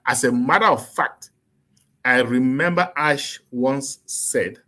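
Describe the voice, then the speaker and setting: A man's voice: mid-range voice, slow pace, pushed and bright. A man speaking earnestly and with emphasis as a guest in an online panel discussion.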